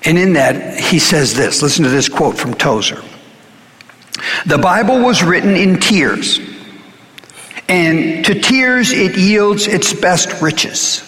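A man's voice: high-pitched, very animated, takes it slowly, a bit bright, big-room sound. A man preaching a conversational sermon to his congregation, earnest and urgent, often restarting his sentences and pressing his points. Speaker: pastor.

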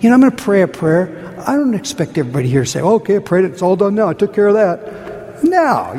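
A man preaching a sermon as pastor, earnest and pleading, moving between urgent raised questions and hushed, quiet prayer. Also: fairly high pitch, creaky. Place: church sanctuary. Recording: long hall reverb, faint room noise.

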